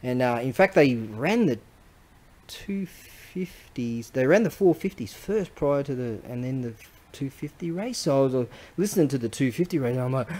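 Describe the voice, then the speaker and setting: A man with an Australian accent, rambling casually and excitedly as he shows off items he sells. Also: medium pitch, a little fast, rough recording. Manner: rambling, excitable, slangy, with frequent restarts. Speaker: online seller showing items. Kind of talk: casual rambling show-and-tell.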